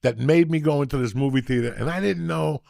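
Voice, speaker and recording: Gravelly, foul-mouthed older male storyteller. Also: a little high, fast talker, dry recording, clean studio sound. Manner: profane, rowdy storyteller who gets loud when excited. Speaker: podcast host. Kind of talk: casual podcast storytelling.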